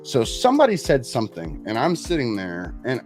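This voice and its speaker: A man's voice: medium pitch, wildly swooping pitch, a little fast. A man, telling a long workplace story in a casual, profane, self-mocking way. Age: 40s. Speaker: podcast host. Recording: music playing underneath.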